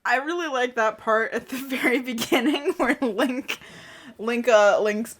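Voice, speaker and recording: A woman's voice: on the high side, a bit bright, a little hiss or hum. A woman co-hosting a podcast, reading fan fiction aloud and chatting, giggling often. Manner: giggly, slow and drawn out, often laughing. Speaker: podcast co-host.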